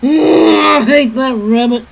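A pint-sized cowboy who hollers in gruff fury, played by a woman. The bellow is high and forceful. Each word is drawn out slowly. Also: exaggerated voice, poor audio. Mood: threatening. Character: short loud furious cowboy, male.

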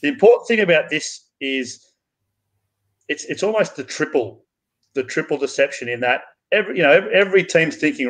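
A man co-hosting a live rugby show, talking a viewer through plays with animated explanation. He speaks in a mid-range voice over a remote connection. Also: on the high side, brisk, poor audio. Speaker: rugby analyst co-host. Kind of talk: sports analysis chat.

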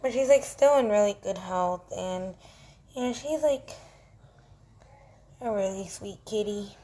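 Slow-talking woman chatting at home. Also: medium pitch, dark tone. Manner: rambling, filler-heavy chatter. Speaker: vlogger showing her cats. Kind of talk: casual home vlog. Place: at home, walking between rooms. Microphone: handheld camera.

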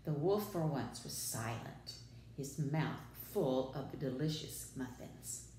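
Expressive woman reading a storybook. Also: a bass voice, slow pace, slight background noise. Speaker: preschool teacher. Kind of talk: storybook read-aloud. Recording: echoey room.

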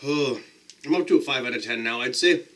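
A man's voice: medium pitch, fairly quick, a bit bright. A man casually talking to the camera as a pepper-eating vlogger, chatty and self-deprecating, describing the burn as it builds.

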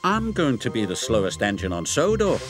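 A man's voice: mid-range voice, huge pitch swings, fairly quick. A man voicing a proud, hasty female steam engine in a storybook cartoon, over music. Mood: impatient.

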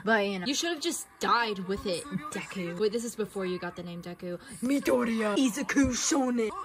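A woman's voice: medium pitch, lively intonation, normal speed, crowd noise. A teenage girl chatting casually in her bedroom as she reacts to an anime, giggly and tripping over her words. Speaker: reaction video host. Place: bedroom at home.

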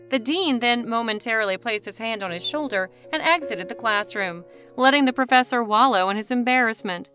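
A woman narrating a story aloud in a smooth, measured storytelling style. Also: a little high, sharp tone, faint music behind. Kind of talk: scripted narration.

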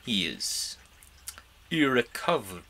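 A man's voice: mid-range voice, sing-song, slow pace, pushed and bright, full character voice. A man reading a novel aloud, voicing an ambitious, haughty young nobleman in a grand, declamatory way.

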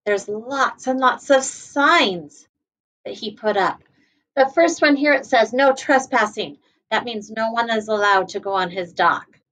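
A woman kindergarten teacher reading a picture book aloud to children, gently stopping to explain words. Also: a little high, animated, a little slow, poor audio.

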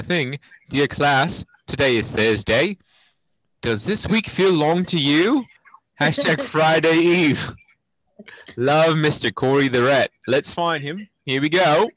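A man's voice: a little high, animated, slow pace, a bit bright, no echo. A man teaching an online class morning meeting in a playful, teasing, upbeat way.

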